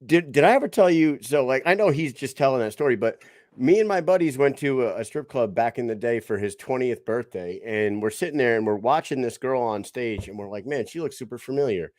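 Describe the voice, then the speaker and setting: A man's voice: mid-range voice, lively intonation, fairly quick, a little mellow, no room sound, clean studio sound. A man co-hosting a podcast, joking around and telling crude jokes with gusto. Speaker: podcast co-host. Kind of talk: casual podcast chat.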